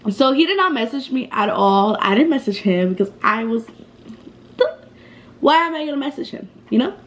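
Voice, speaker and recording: A woman in her twenties shares a casual storytime vlog in a chatty, slangy style packed with fillers and swearing. Her voice is on the high side and animated, at a moderate pace.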